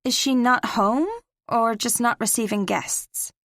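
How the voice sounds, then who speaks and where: A woman voicing a pointed, questioning young female friend in a higher voice than her narration. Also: steady tone, measured pace, a bit bright, no echo, clean studio sound. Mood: pressing. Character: sharp-tongued young woman friend, pressing. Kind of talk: audiobook character reading.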